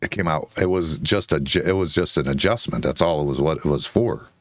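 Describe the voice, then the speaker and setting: A man's voice: a bass voice, fairly quick, no room sound, clean studio sound. A man arguing heatedly on a bar-talk show, defensive and insistent, swearing and repeating himself. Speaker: co-host.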